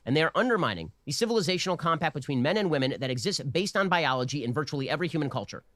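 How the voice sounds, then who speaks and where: A man delivering a rapid, combative political monologue, emphatic and argumentative. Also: on the high side, expressive, a bit bright, no echo. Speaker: political commentator.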